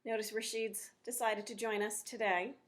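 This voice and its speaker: A woman teaching a phonics lesson to young children, talking slowly and clearly in an encouraging way. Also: mid-range voice, flat delivery.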